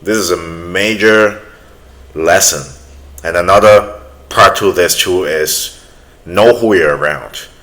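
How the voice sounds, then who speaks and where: A man with a very low voice speaks in earnest, preachy bursts as he hosts a reaction video. He hammers short motivational points one after another. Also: takes it slowly, long pauses, fairly bright tone. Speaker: reaction channel host.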